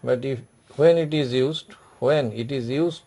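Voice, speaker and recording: Gravelly-voiced man teaching a class. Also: mid-range voice, dark tone. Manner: repetitive, explains slowly with many restarts. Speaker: French teacher. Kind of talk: classroom lecture.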